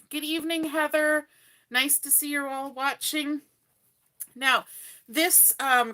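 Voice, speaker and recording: A woman from Canada chats her way through a live card-making tutorial, her voice bright and a touch high. She talks casually to viewers as she folds and cuts at home. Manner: chatty, friendly, greets viewers by name. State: hiccups. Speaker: crafting livestream host.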